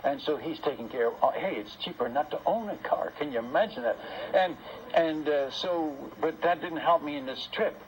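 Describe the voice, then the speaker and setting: Folksy older-style preacher man, high voice. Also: moderate pace, slight background noise, rough recording. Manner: folksy, lively retelling that acts out both sides of dialogues; homely asides and questions to the audience. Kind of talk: storytelling sermon.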